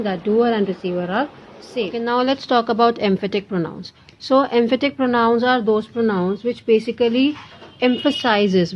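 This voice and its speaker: A young Indian woman teaching an English grammar lesson, explaining slowly and repeating the key points, with some Hindi mixed in. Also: on the high side, a little mellow, dull audio. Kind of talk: classroom lesson.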